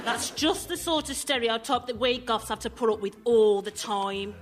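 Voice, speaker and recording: An actress playing a deadpan young goth shop assistant in a radio sitcom. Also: female voice, a little high, normal speed, heavy background noise, natural voice. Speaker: shop worker.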